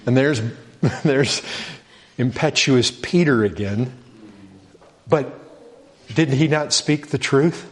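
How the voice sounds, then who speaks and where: A man's voice: slow, long pauses. Impassioned preacher man, rising rhetorical questions. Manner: animated, rhetorical questions, pitch rising with emphasis. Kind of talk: sermon.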